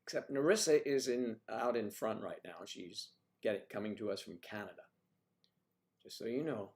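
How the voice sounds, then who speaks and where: A man hosting a casual livestream chat, joking with callers and clearing his throat now and then. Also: lowish voice, moderate pace. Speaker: livestream host.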